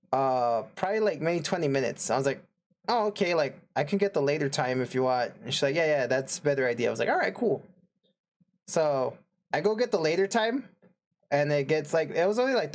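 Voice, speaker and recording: A young man casually telling a story on a podcast, rambling with lots of fillers and laughing often. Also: a little high. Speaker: podcast co-host.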